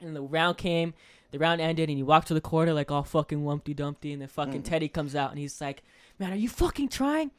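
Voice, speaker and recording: A young man co-hosting a casual podcast, talking in an animated way, swearing freely and loudly acting out coaches' pep talks. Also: fairly high pitch, quick pace, clear, resonant tone. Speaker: podcast co-host.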